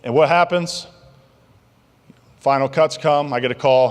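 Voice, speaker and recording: A man's voice: medium pitch, unhurried, long pauses. Man telling a story in a big hall. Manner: animated, jokey storytelling. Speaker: keynote speaker. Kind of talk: motivational keynote storytelling. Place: large banquet hall. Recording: long reverb of a large hall.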